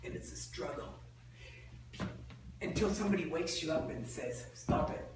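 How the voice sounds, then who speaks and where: A man giving a lively, joking seminar talk to an audience, quizzing them with fill-in-the-blank questions. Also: on the high side, moderate pace. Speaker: sales trainer. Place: large indoor room with an audience. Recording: echoey hall from far off, faint noise.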